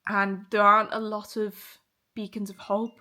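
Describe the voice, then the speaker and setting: A woman's voice: mid-range voice, monotone, moderate pace. Chatty young woman vlogging to camera. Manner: chatty, emotional, swears freely, laughs often. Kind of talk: casual vlog chat.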